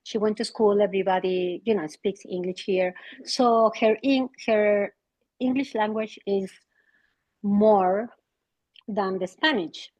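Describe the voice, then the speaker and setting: A woman's voice: mid-range voice, fairly even intonation, slow pace, darkish tone, no echo, poor audio. Hesitant, apologetic middle-aged woman. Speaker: parent asking a question. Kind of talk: casual question on a video call. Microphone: video call.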